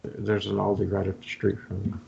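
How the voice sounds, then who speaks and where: Gravelly, laconic man on a dull call line. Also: on the low side, completely flat delivery, fairly quick, dark tone, a little hiss or hum. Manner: laconic, dry replies. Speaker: guest. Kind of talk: casual chat.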